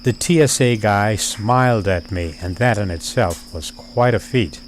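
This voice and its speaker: A man with a lowish voice talks in a measured, deliberate way, with dry wit. It sounds like a personal video diary. Crickets and insects chirp faintly behind him. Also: a little hiss or hum. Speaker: vlogger.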